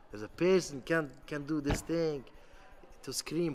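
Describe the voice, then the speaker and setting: Rabbi, high-voiced man, fervent sermon full of restarts, reverberant hall. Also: a little hiss or hum. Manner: impassioned, halting with many restarts, bursts into shouting.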